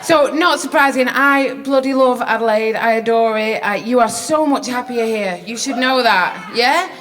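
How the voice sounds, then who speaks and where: A woman's voice: on the high side, normal speed. A woman from England with a Northern English accent, doing a stand-up comedy set on stage, brash, sweary and self-mocking. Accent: Northern English, Rochdale. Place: comedy venue stage with a live audience.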